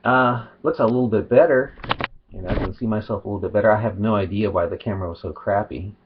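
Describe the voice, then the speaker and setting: A man's voice: on the low side, fast, background noise. A man talking casually to his webcam at home, rambling and breaking off his own sentences. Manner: rambling, self-interrupting. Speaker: video blogger. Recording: dull lo-fi webcam audio.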